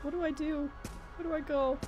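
A woman's voice: high voice, fairly even intonation, a little fast. A woman streaming a game, giving dramatic, self-mocking commentary and yelping when panicked. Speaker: gaming streamer. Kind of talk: casual let's-play commentary. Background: game music.

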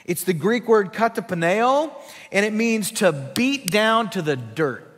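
Emphatic preacher in a reverberant church. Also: male voice, high-pitched, expressive, measured pace, a bit bright, breathy edge. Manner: emphatic, teaching from scripture. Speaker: pastor. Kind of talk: sermon. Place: church sanctuary.

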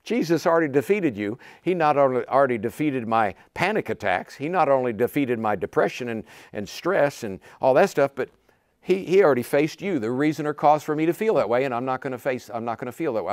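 Animated man preaching a sermon. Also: mid-range voice, brisk, no echo, clean studio sound. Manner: animated, acts out quotes with sudden shouts and laughs.

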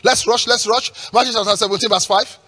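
A pastor preaching a sermon with emphatic call-and-response questions, repeating words and breaking into shouts at the peaks. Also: male voice, high voice, steady tone, fairly quick.

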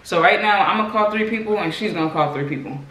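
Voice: medium pitch, fast, fairly bright tone. A young adult vlogger, chatting casually and spinning rambling nonsense stories on prank phone calls. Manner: playful, laughing, making up rambling nonsense stories. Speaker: channel host. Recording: echoey room, faint hiss.

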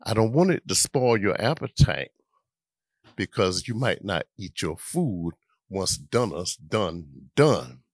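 Firm patient mother, put on by an older man, slow measured words. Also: low-pitched, big pitch swings, no echo, clean studio sound, pitched below the performer's own voice, heavily acted. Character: patient Southern mother calling her boys.

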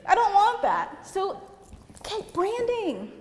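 A woman's voice: extremely high pitch, wildly swooping pitch, takes it slowly, darkish tone. A young woman giving a casual seminar talk, chatty and giggly, peppered with "like". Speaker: seminar speaker. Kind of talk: casual presentation to an audience. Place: seminar room, on stage. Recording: reverberant hall with faint room noise.

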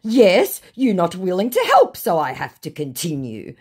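A woman's voice: on the low side, wildly swooping pitch, unhurried, a little mellow, husky, voice pushed up, full character voice. A woman putting on the voice of a pleading, indignant young male scammer, whiny and begging.

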